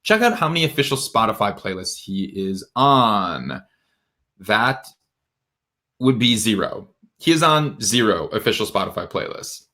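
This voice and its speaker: A young man giving an energetic, emphatic livestream talk to musicians, dropping into low asides and jumping up into bright exclamations. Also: unhurried. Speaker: music industry educator.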